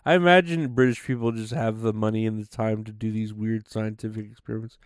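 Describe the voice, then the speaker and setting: A man's voice: on the low side, steady tone, a little fast, clear, resonant tone, no echo, clean studio sound. A man hosting a comedy podcast, rambling in a casual monologue full of fillers and swearing. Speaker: podcast host.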